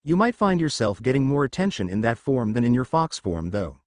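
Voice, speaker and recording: A man voicing a flustered young male ninja hero, gentle and reassuring, in a fan fiction audiobook. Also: medium pitch, sing-song, brisk, dry recording, clean studio sound, close to an everyday voice.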